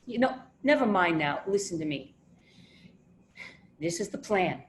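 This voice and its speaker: An actress playing a prim, bossy, middle-aged grieving sister with a New Jersey accent, clipped and exasperated. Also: female voice, fairly low pitch, expressive, measured pace. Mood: tense. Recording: roomy echo, faint noise.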